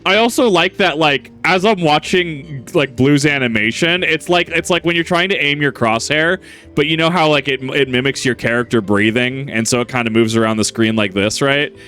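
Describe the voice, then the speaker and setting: A man's voice: on the high side, normal speed, sharp tone, faint music behind. A man commentating casually as a gaming streamer, rambling with lots of fillers and laughing asides.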